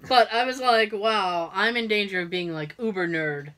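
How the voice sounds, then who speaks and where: A woman co-hosting a podcast, telling an animated story in casual chat and acting out the quotes. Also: medium pitch, normal speed. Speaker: podcast co-host.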